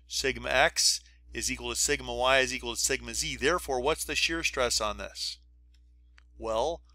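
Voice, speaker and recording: A middle-aged man lectures on engineering in a bright, crisp voice. He walks through each diagram step by step, dropping casual asides and checking that listeners follow. The sound is close and dry, with no room behind it. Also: medium pitch, no echo. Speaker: engineering professor. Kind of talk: recorded lecture.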